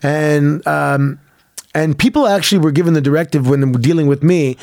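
A man telling relaxed stories as a guest in a casual interview. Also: fairly high pitch, moderate pace, no echo, studio quality. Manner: relaxed, storytelling, easygoing. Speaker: guest, former wrestler.

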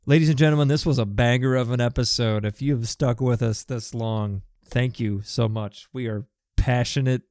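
A man co-hosting a casual gaming podcast, relaxed and joking, with casual swearing. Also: medium pitch, no echo, studio quality. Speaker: podcast co-host.

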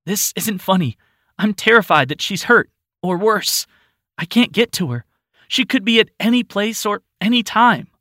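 A man's voice: animated, normal speed, bright, forceful tone, dry recording, studio quality. A man voicing a frightened grown woman searching for her missing daughter, speaking in a raised, pleading voice. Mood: frantic. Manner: raised pitch, pleading and earnest.

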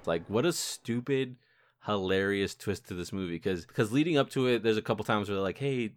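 A man's voice: lowish voice, brisk, no room sound, clean studio sound. A young man hosting a podcast in casual chat, rambling with lots of fillers. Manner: rambling, filler-heavy, animated retelling. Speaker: podcast host.

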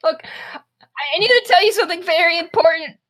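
A woman's voice: very high-pitched, quick pace, a bit bright, pitched above the performer's own voice. A woman voicing a frightened young boy in a tabletop game, begging and breathless. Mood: pleading.

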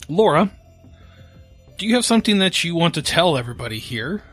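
A man's voice: fairly high pitch, very animated, a little fast, fairly bright tone, breathy edge, faint music behind, voice pushed up, exaggerated voice. A man voicing a stern, controlling woman who presses others with pointed questions.

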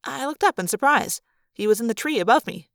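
A woman reading a novel aloud in lively first-person storytelling. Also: a little high, a little fast, no echo, studio quality. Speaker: audiobook reader. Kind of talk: read-aloud fan narration.

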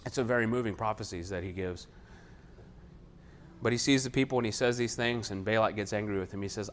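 A man preaching a sermon, retelling a Bible story and acting out the figures' lines with a raised, animated voice. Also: on the low side, fast, a little hiss or hum.

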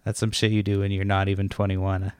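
A man's voice: low voice, completely flat delivery, fast, clear, resonant tone, no echo, clean studio sound. A man co-hosting a podcast, telling crude stories in a laid-back way. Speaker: podcast co-host. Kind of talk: casual chat.

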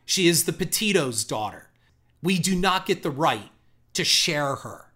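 A man's voice: a little high, expressive, unhurried, pushed and bright. A man giving a ranting, profane commentary, sarcastic and scornful, hammering his points with repetition. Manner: emphatic, punchy repetition.

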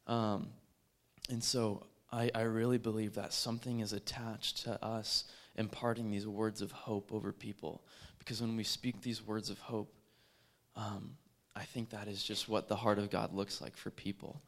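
A man telling a personal faith testimony in an earnest, halting way, with many fillers and restarts. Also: fairly low pitch, little pitch movement. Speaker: street evangelist.

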